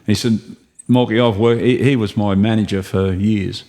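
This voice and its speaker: Low-voiced Australian man spinning yarns. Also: fairly even intonation, moderate pace, mellow. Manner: rambling anecdotes, chuckling while telling. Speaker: guest, racing driver. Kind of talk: casual storytelling chat.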